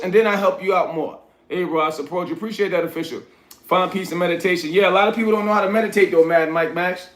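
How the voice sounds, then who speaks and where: A man's voice: sits high, a bit bright, reverberant. A man with a New York accent hosting a casual livestream, reading viewers' comments aloud and coaching them bluntly. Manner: reads chat aloud, coaching and scolding viewers. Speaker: livestream host.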